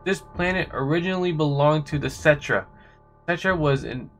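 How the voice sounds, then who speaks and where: A man voicing a cold, proud male swordsman villain from a video game, reading his lines slowly and deliberately. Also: fairly high pitch, soft background music, voice pushed up, natural voice.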